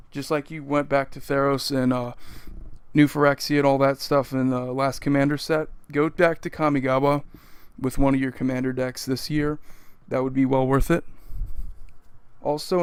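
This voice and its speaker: A man's voice: on the high side, clean tone, no room sound. A young man hosting a casual opinion vlog, grumbling bluntly with lots of fillers. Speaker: channel host.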